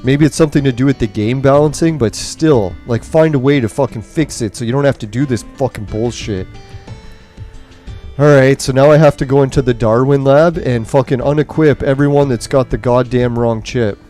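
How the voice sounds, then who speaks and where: A gaming streamer with a mid-range, mellow voice talks at a moderate pace over faint background music. He commentates on a mobile game while playing, angrily ranting and swearing nonstop as he goes through nicotine withdrawal.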